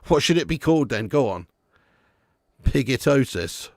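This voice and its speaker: A man in his home garage, used as a storage room, hosts a live football watch-along, chatting casually with viewers, swearing freely, and reading the chat between bits of match commentary. His voice is medium-pitched and a little mellow, and the recording is dry.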